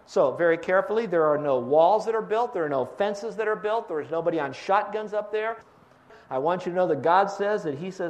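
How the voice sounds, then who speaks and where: A man's voice: high-pitched, animated, a little fast. A man teaching a Bible sermon to a live audience, asking them to fill in words. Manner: asks the audience to fill in blanks. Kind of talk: radio sermon.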